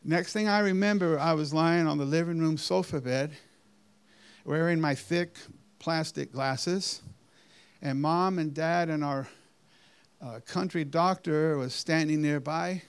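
Slow, gravelly man telling a testimony. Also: a little high. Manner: deliberate, drawn-out phrasing with halting restarts. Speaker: storyteller giving a personal testimony. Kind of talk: slow, earnest spoken testimony.

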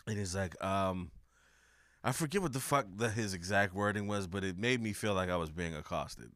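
Young male podcast host, rambling and profane, bright, smooth voice. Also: deep voice, moderate pace, dry recording, clean studio sound. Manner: rambling, swears freely, laughs often. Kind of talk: casual chat.

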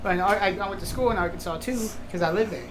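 A man casually telling school stories as a podcast guest, pausing often with fillers. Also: high-pitched, background noise. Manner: hesitant, many fillers. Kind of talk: casual chat, storytelling.

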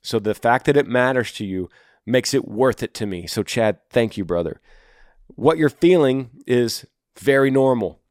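A man's voice: mid-range voice, expressive, normal speed, darkish tone, no echo, studio quality. A man hosting a podcast, giving earnest, encouraging advice to a listener and repeating his key phrases. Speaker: podcast host. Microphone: studio microphone.

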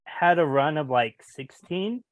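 A man's voice: on the high side, expressive, measured pace, no room sound. A man co-hosting a casual sports chat, saying "like" constantly. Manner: filler-heavy, says "like" constantly. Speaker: podcast co-host.

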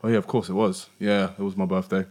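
A man's voice: sits low, flat delivery, fast talker, a little mellow. A man, hosting a casual podcast chat in a laid-back, rambling way. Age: 20s. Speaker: podcast host.

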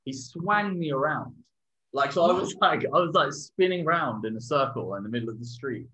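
A man telling a story in casual chat, animated and swearing, acting out what people said. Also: on the high side, normal speed. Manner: animated, swearing, acts out quotes loudly. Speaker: podcast co-host. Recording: dull lo-fi sound.

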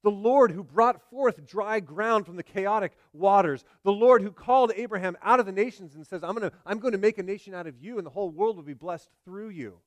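Man preaching with hushed, dramatic emphasis. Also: high voice, brisk, few pauses, dry recording. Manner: dramatic, swings from loud emphasis to hushed delivery. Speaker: pastor. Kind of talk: sermon.

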